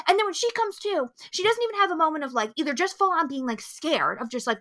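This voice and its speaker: A woman's voice: high-pitched, big pitch swings, fast talker, bright, forceful tone. A young woman co-hosting a podcast, ranting in heated, profane bursts and acting out quoted lines. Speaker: podcast co-host. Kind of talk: casual podcast chat.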